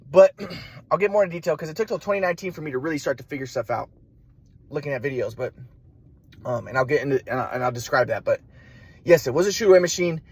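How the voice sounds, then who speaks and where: A man's voice: high voice, breathy edge, no echo. A man in a rambling personal monologue, stammering with frequent restarts and swearing freely. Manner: repetitive restarts, stammering, profane. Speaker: vlogger.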